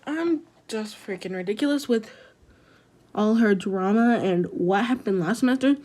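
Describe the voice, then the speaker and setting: A teenage girl, a student, casually telling a story to the camera in an animated, dramatic way, with "I was like" all through it. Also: mid-range voice, normal speed.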